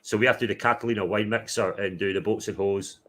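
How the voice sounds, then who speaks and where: A man's voice: on the low side, fairly even intonation, fast talker, fairly bright tone. A British man hosting a casual livestream, chatting with a guest and reading out viewer comments. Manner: chatty, laughing, reads out chat comments. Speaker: livestream host.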